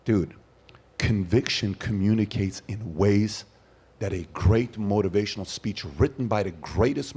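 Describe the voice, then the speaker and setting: A man's voice: on the low side, slightly rough. Emphatic man telling a story. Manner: emphatic, storytelling, animated asides. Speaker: host. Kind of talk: casual podcast chat.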